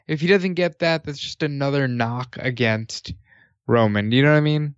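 A man's voice: medium pitch, moderate pace, clean tone, dry recording. Male podcast co-host, opinionated and profane, muffled lo-fi dry sound. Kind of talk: casual wrestling chat.

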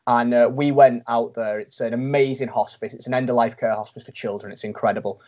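A man's voice: medium pitch, fairly even intonation, brisk, mellow. A man with a Liverpool accent co-hosting a podcast, upbeat and chatty, often restarting his words. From Liverpool, England. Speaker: podcast co-host. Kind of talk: casual podcast chat.

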